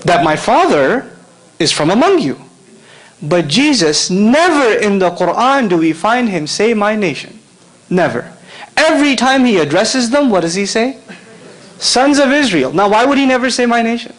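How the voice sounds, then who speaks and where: A middle-aged man giving a lively lecture to a live audience, often asking the crowd questions and laughing as he talks. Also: sits high, normal speed, rough recording. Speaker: Islamic lecturer.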